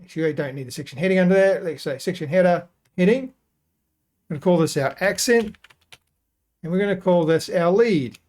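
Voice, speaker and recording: A man hosting a software tutorial, talking casually and thinking aloud as he works through each step. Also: high-pitched, fairly quick. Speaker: web design tutorial host. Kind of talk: screen-recorded software tutorial.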